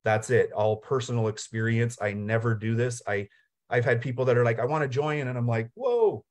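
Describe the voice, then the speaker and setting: A man's voice: mid-range voice, flat delivery, a little fast. A man who is a guest on an online session, talking casually and persuasively in an earnest way, often repeating words. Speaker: guest team member. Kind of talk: casual talk. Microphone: video call.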